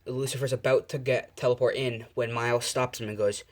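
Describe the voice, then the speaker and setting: A man's voice: medium pitch, fairly even intonation, brisk, few pauses. A man telling an improvised fan-fiction story in a casual, rambling way, full of fillers and self-corrections.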